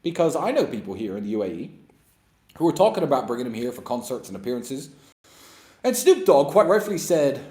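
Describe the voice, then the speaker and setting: Blunt, emphatic man with lively pitch. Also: fast. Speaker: host. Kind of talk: opinionated monologue and Q&A. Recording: roomy echo.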